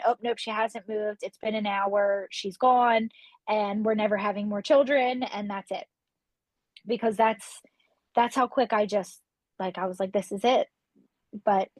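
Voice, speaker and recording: A woman's voice: mid-range voice, darkish tone, no room sound, rough recording. A woman in her thirties, a podcast guest telling her own story in a casual, emotional way. She has a mid-range voice for a woman and acts out the voices of the people she quotes. The recording is dry and close to the mic.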